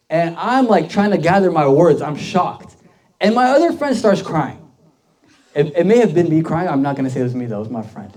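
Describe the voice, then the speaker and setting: With a slightly high, animated voice that's a little mellow, a young deacon preaches to a youth group at a moderate pace. The sermon is casual storytelling, conversational and full of fillers and questions for the audience.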